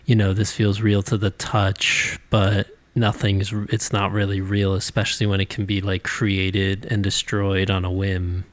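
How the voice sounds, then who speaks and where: A man's voice: low voice, monotone, a little slow, few pauses, no room sound. A man co-hosting a podcast, laid-back and laughing in casual chat. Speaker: podcast co-host.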